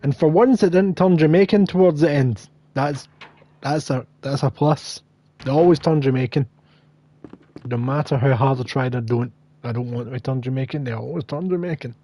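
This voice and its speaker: A man's voice: medium pitch, normal speed, dark tone. A man hosting a gaming livestream, chatting casually and self-deprecatingly as he thinks aloud through the game. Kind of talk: casual gameplay commentary.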